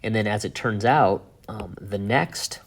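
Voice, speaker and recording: A man teaching a math lesson in a relaxed, chatty way, thinking aloud with fillers and asides. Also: on the low side, unhurried, vocal fry, husky. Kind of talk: casual whiteboard lesson.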